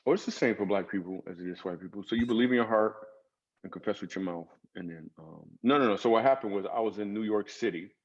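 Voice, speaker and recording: A man, a comedian guest in an interview, telling stories in a lively comic way with acted asides. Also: lowish voice, quick pace, highs cut off. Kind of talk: storytelling interview talk.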